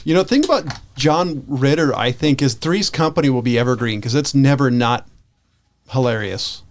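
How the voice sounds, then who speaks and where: A man's voice: mid-range voice, moderate pace. A man co-hosting a podcast in casual chat, dry and wry, bringing up bits of trivia. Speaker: podcast co-host.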